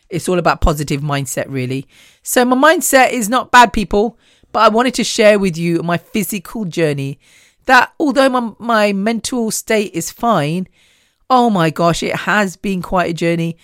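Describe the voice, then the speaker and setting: A woman's voice: on the low side, no room sound. Chatty woman podcaster, dry sound. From Indian heritage. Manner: chatty, candid and swearing, with frequent restarts. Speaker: podcast host. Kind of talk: casual solo podcast chat.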